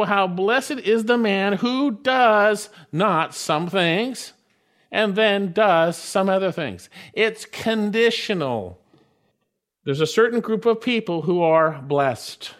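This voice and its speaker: A man preaching a sermon, reading scripture and stressing key phrases with emphasis. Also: on the high side. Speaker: pastor.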